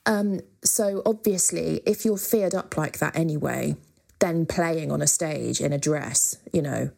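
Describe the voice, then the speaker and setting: A woman's voice: deep voice, unhurried, gravelly, mellow. A woman, a musician, talking frankly and chattily as a guest in an interview. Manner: frank, chatty, with many fillers and casual swearing. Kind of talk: candid interview conversation.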